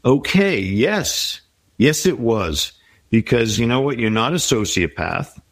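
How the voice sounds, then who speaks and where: A man's voice: mid-range voice, big pitch swings, takes it slowly, dry recording. A middle-aged man in an interview, talking reflectively and giving advice. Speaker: guest. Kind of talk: interview conversation.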